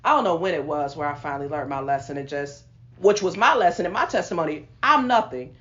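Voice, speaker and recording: A woman hosting a podcast, telling a personal testimony in animated, casual storytelling that breaks into laughter. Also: sits low, fast talker. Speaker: podcast host. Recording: lo-fi sound.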